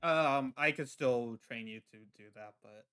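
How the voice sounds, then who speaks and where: A man roleplaying a god-like character in a livestream, talking slowly and haltingly with plenty of ums and restarts. His voice is smooth and resonant, at an ordinary middle pitch. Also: bright, forceful tone. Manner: halting, many fillers and restarts. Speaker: lore roleplayer playing a god figure. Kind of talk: casual roleplay chat.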